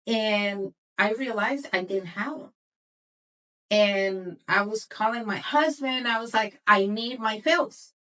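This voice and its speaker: A woman's voice: medium pitch, takes it slowly, a bit bright, distant mic, rough recording. A middle-aged woman, a podcast host, earnestly telling a personal story and repeating words for emphasis.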